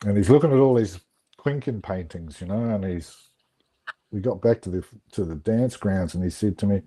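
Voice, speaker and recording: A middle-aged man, telling stories in a relaxed, reflective way on a video call. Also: lowish voice, moderate pace. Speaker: guest. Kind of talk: casual storytelling on an online call.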